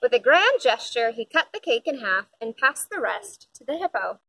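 A woman reading a children's picture book aloud, with expressive, lively storytelling. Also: on the high side, normal speed, dry recording, low-quality recording. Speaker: storybook reader.

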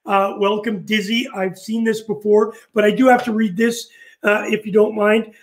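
A man hosts a live interview in a chatty, joking way. His voice sits high for a man. He keeps the talk light and full of banter. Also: flat delivery, moderate pace. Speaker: host. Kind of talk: casual live interview chat.

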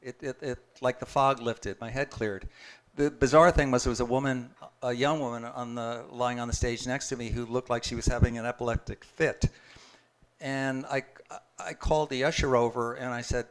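A man's voice: medium pitch, fairly even intonation, normal speed. A man sharing a personal testimony in a casual, conversational storytelling way, chuckling and restarting his sentences as he goes. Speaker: guest speaker sharing a testimony.

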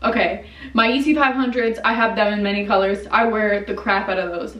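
A young woman chatting casually to the camera in an animated vlog at home, often talking to herself. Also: medium pitch, normal speed. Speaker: vlogger. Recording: echoey room, camera at a distance.

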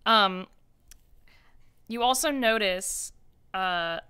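Bright, crisp-voiced woman game master. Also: medium pitch, extremely slow. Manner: descriptive, with fillers. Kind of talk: narrating a tabletop game.

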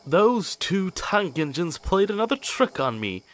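A man voicing Neville, a shy, timid goods engine who speaks quietly and sadly. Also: high voice, big pitch swings, a little slow, pitched above the performer's own voice, heavily acted. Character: shy, sad awkward-looking male goods engine.

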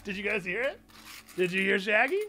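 A young man hosting a live game stream, chatting casually and excitably with frequent giggles. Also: sits high, brisk.

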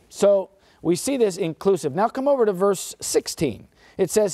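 A middle-aged man giving a Bible study lecture, asking rhetorical questions and slowing down to stress key words. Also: sits high, big pitch swings, mellow, no room sound. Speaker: Bible teacher.

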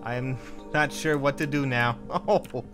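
A young man playing a video game with friends, reading its text aloud in halting starts and joking around. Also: medium pitch, steady tone. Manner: reads on-screen text in halting starts, playful. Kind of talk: casual lets-play commentary with joking character voices. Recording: faint game music behind.

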